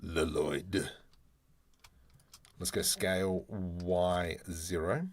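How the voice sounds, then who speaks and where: A man's voice: deep voice, animated, takes it slowly. A man from Australia with an Australian accent, chatting and joking as he talks through his work in a live-streamed 3D modeling tutorial. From Australia (Adelaide). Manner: chatty, joking, talks to himself while working. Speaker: 3D artist streamer.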